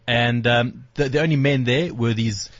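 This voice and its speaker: A man's voice: medium pitch, moderate pace, no room sound, highs cut off. Hesitant man with a mid-range voice. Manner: hesitant, many ums and restarts, disapproving. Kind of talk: casual chat.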